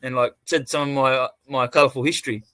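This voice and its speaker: A man's voice: mid-range voice, steady tone, fast talker, pushed and bright, no room sound. An Australian man hosting a livestream, a sweary, rambling storyteller who restarts his sentences often. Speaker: livestream host. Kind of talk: casual livestream chat.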